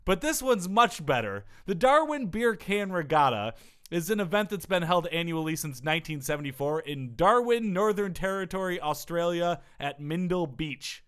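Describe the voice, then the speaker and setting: Young guy on a comedy podcast, bright voice, jokey, bounces up and down a lot. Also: fairly high pitch, very animated, moderate pace, clear, resonant tone. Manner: jokey, reads a segment and riffs on it. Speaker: podcast co-host.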